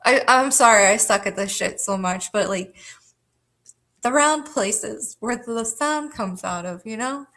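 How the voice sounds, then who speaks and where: Her voice sits on the high side, slightly bright, at a measured pace. This woman hosts a livestream, rambling through a personal story for her chat with casual swearing, lots of fillers and frequent laughter.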